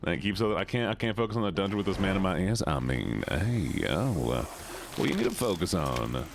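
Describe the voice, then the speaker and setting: This man streams games live and hosts the chat, teasing his viewers casually and laughing a lot as he talks to them. His voice is deep and gravelly, his delivery brisk, and a steady background noise runs under the recording.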